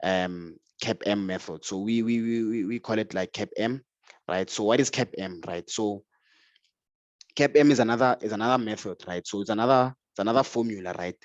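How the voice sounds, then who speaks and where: A man's voice: lowish voice, brisk, no echo. A man lecturing on finance who keeps asking "right?" and answers his own questions, often repeating words as he starts. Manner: stumbles and repeats words when starting phrases. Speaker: finance tutor. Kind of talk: explanatory lecture. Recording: dull, lo-fi, dry sound.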